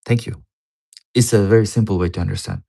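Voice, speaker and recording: Low-voiced man rambling on a livestream. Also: steady tone, fast talker, creaky, warm tone. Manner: rambling, repeats words, swears casually. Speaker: livestreamer reading a paper. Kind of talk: casual livestream commentary.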